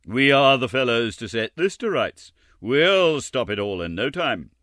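A man doing a smug, hearty board of gentlemen. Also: medium pitch, big pitch swings, measured pace, no room sound, clean studio sound, pitched above the performer's own voice.

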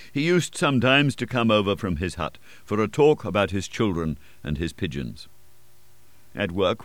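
A man narrating a classic novel as an audiobook, reading expressively with wide swings in pitch and loudness. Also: dry recording.

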